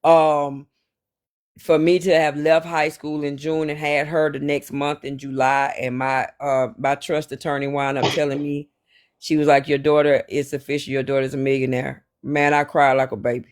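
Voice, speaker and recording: A man, telling a personal story in casual, slangy, animated chat. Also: fairly high pitch, normal speed, smooth. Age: 40s.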